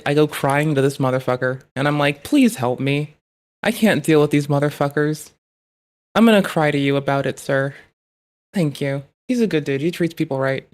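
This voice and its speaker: A woman's voice: sits low, a little mellow. A woman livestreaming, chatting casually to her viewers in a blunt, profane way. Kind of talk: casual stream chat.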